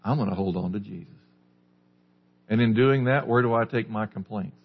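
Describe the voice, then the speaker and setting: A man's voice: fairly low pitch, moderate pace. A man preaching a sermon, putting questions to the listeners and then answering them. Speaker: pastor. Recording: dull lo-fi recording.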